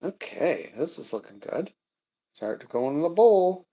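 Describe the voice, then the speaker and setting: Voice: medium pitch, big pitch swings, a little slow, warm tone, highs cut off. A cooking streamer chatting casually and playfully, often chanting little words in a sing-song way.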